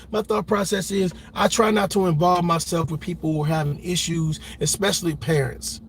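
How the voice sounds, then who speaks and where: Man, ranting commentary, high-pitched, husky edge, emphatic, repeats words, swears a lot. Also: fairly even intonation, moderate pace, few pauses. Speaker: reaction commentator.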